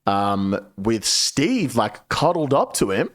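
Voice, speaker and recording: Animated, sweary streamer man. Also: medium pitch, slow pace. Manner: sweary, animated, lively storyteller. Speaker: game streamer. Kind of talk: casual storytelling while gaming.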